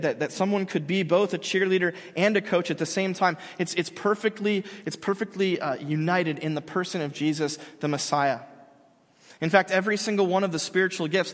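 A man preaching to a congregation, with a somewhat high voice that carries a long echo through the hall. He tells stories with energy and acts out the quotes, some loud and some hushed. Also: fairly even intonation, normal speed. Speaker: pastor. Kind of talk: sermon.

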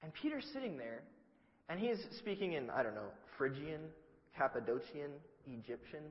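A male preacher giving a sermon, telling the story in a lively, humorous way with acted-out asides. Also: a little high, normal speed, in a large hall, highs cut off.

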